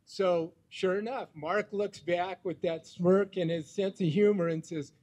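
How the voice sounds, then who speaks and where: A man's voice: high-pitched, fairly even intonation, measured pace, a little mellow. A middle-aged man giving a jokey tribute speech about a longtime teammate, rambling with lots of fillers.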